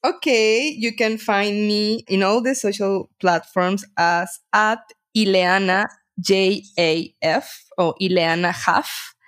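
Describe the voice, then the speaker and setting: Slow-speaking gentle woman co-host. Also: medium pitch. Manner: gentle, reflective, laughs often. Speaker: podcast co-host. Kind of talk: casual chat.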